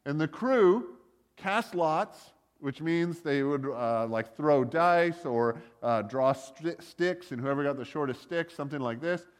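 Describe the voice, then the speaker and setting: A man delivers a relaxed sermon, telling a story in plain talk and breaking off for wry asides. His voice sits a little high for a man, and the recording carries the long ringing reverb of a large hall. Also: a little slow. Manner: conversational, joking asides, many likes and uhs. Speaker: preacher.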